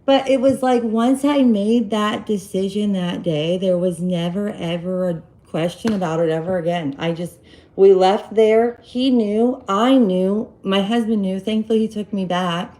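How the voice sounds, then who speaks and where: Woman chatting on a livestream, telling a long story, rambly, acts out the quotes, middle pitch. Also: measured pace, rough recording. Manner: rambling, animated retelling with quoted dialogue. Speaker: live-stream host giving relationship advice. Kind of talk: casual storytelling to viewers.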